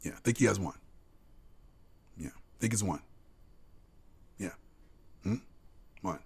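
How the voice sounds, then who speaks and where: Gravelly, animated man arguing sports. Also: deep voice, takes it slowly. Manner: argumentative, swearing, laughing, repeats himself. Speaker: podcast co-host. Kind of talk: heated casual sports debate.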